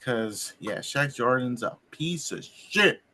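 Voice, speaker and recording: Slow, bright-voiced man recapping results. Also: medium pitch, animated. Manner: slow, halting, with many ums. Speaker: podcast co-host reading results. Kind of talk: casual recap of wrestling results.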